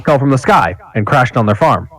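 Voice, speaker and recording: A man's voice: medium pitch, lively intonation, fairly quick, fairly bright tone, low-quality recording. A man in casual chat before a tabletop game session, rambling and often correcting himself mid-sentence. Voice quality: rambling, self-correcting storyteller.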